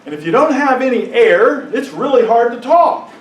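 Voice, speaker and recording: High-voiced man giving an emotional testimony. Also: lively intonation, dull audio. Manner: emotional storytelling, rising to impassioned outbursts; drops to a hushed, halting voice at painful moments. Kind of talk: personal testimony to a congregation. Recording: echoey room, mic at a distance.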